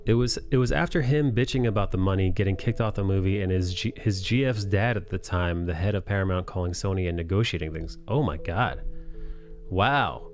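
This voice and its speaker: A lower-voiced man runs a casual live stream while he draws. He rants with plenty of profanity and open disbelief. Faint music plays underneath his talk. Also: fairly quick. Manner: profane, ranting, incredulous. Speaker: streamer and artist hosting a live chat.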